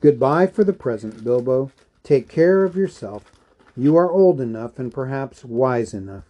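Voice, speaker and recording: A man reading aloud and voicing an old male wizard, grave and commanding, speaking slowly and deliberately. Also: medium pitch, lively intonation, highs cut off. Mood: kindly. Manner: slow, weighty, deliberate. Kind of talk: audiobook character reading.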